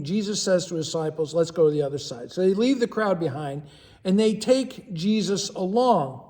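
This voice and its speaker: A man's voice: high voice, big-room sound. A man speaking as a pastor, giving a casual devotional talk in a conversational way, with restarts and asides.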